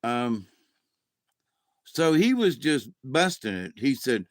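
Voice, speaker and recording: Slow, rambling man chatting on camera. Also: medium pitch, very animated, no room sound. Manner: loses his train of thought, chuckles, swears offhandedly. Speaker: vlogger. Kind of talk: rambling casual monologue.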